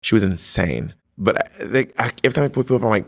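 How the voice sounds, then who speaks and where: A man talking casually as a guest, an animated storyteller who acts out what others said. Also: fairly low pitch, quick pace, creaky, no room sound, studio quality. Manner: animated storyteller, slips into quoted voices. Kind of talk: casual chat.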